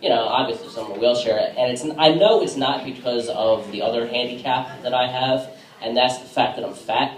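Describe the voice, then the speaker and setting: A man performing a casual stand-up set on a bar stage, with a halting delivery full of fillers. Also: mid-range voice. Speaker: stand-up comedian. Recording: echoey room from a distance.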